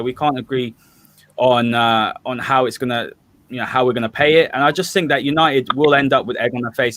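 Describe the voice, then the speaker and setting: A man with a Southern English accent hosts a football fan podcast. His voice sits at an ordinary middle pitch, and he talks in a firm, opinionated way as he leads the discussion. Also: a bit bright, slight background noise. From Southern England. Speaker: host.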